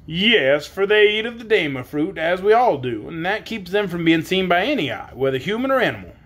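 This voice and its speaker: A stern invisible storybook father, voiced by a man with a gruff manner. He speaks bluntly and firmly, in a breathy voice near the narrator's own. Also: sits high, sing-song, brisk, fairly bright tone, exaggerated voice.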